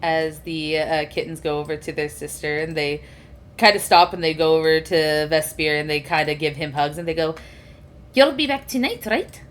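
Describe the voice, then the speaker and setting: Woman game master, low-set voice, descriptive narration, tabletop role-play, fillers. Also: flat delivery, normal speed, smooth.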